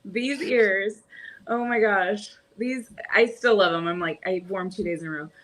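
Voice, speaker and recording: A woman's voice: mid-range voice, normal speed, fairly bright tone. Casual Californian woman co-host, chatty and giggly, mid-range voice. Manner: chatty, rambling, laughs often. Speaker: streamer and podcast co-host. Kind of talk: casual chat.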